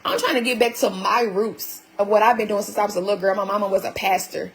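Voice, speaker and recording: A woman's voice: mid-range voice, steady tone, quick pace, rough recording. A woman venting to her viewers on a live stream, emphatic and full of repeated rhetorical questions.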